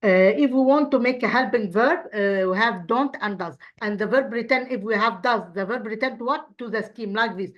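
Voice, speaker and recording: A woman whose first language is Arabic, teaching an English grammar lesson, repeating model sentences slowly with frequent fillers and restarts. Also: a little high, dull audio.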